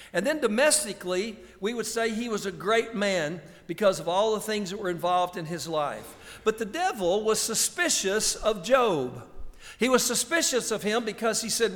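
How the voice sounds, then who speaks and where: A man preaching a sermon, slow and emphatic, drawing out the scripture he quotes. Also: sits high, a bit bright. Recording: long hall reverb.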